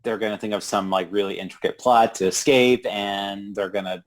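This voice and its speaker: A man co-hosting a film podcast in casual chat, explaining things in a relaxed way with dry humor. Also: fairly low pitch, moderate pace. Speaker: podcast co-host.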